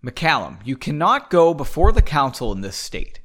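A man's voice: fairly high pitch, very animated, normal speed, a bit bright. A man voicing a stern male council member who curtly scolds in a storybook reading. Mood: scolding.

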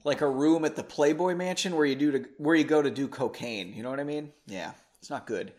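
A man's voice: on the high side, fairly quick, darkish tone. A man hosting a podcast, reading his own story aloud and mocking it with sarcastic asides. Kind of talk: comedic reading with commentary.

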